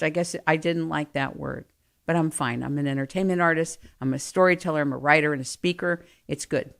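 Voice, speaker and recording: A middle-aged woman telling family stories in an animated, self-mocking way, swinging from quiet asides to loud bursts. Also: lowish voice, a little fast, vocal fry. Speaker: storyteller. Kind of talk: personal storytelling.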